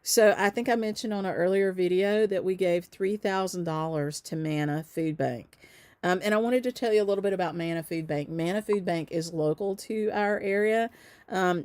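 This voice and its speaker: A woman's voice: on the low side, fairly quick, darkish tone, dry recording. A woman with a light Southern accent, a shop owner chatting casually on a live stream, upbeat, with lots of ums. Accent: Southern US, softened by travel. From Southern United States. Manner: chatty and upbeat, with frequent ums and little laughs.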